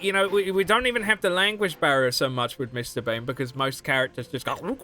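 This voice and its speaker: A man's voice: on the high side, fairly quick, few pauses, sharp tone. A young man chatting casually on a game livestream, chatty and giggly. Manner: chatty and giggly, often laughing mid-sentence. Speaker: streamer.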